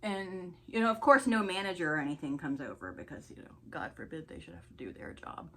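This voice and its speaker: A woman's voice: low voice, lively intonation, fairly quick, pushed and bright, slight background noise. A woman vlogger telling a story in a chatty, indignant way while she gets ready. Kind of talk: get-ready-with-me story time.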